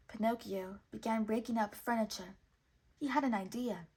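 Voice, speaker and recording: A woman reading a children's storybook aloud in clear, measured narration. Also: a little high, fairly even intonation, darkish tone. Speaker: storybook reader.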